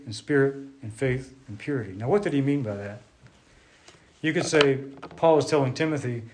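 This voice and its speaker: A man giving a sermon to a congregation, unhurried and conversational, thinking aloud with restarts while drawing on a board. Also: fairly high pitch. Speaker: preacher.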